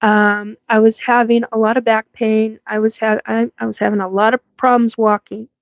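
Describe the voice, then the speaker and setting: A woman's voice: on the high side, level tone, normal speed, no room sound, highs cut off. A woman in her fifties from Washington State with a West Coast accent, hosting a casual live chat, rambling with many fillers and frequent laughs. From Washington State, USA. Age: 50s. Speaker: livestream host.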